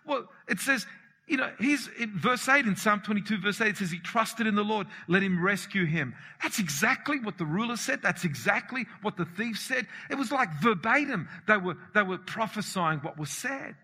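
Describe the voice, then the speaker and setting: High-voiced guy preaching hard, really bright sharp tone, big fervent shouts then goes quiet. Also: breathy edge. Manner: fervent, emphatic preaching with sudden shouts and drops. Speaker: pastor. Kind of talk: sermon. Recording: long reverb of a hall.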